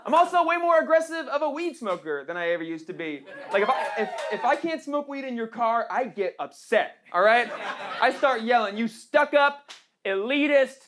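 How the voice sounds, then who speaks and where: A young trans woman does stand-up on a small club stage, her delivery brash, sarcastic and punchy with frequent "right?" tags. She speaks briskly in a fairly high, sing-song voice over a noisy background, and the audience laughs.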